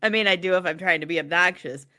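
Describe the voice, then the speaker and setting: A woman with a low, bright, forceful voice chatting casually on a podcast. She is a mother who speaks frankly and laughs often. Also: quick pace. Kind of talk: casual chat.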